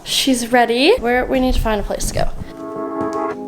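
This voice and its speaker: A young woman with a slightly high, bubbly voice chats her way through a sewing project. She talks to herself as she works, casual and upbeat, like a DIY vlogger narrating each step. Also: moderate pace, long pauses. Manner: chatty, bubbly and self-talking while crafting.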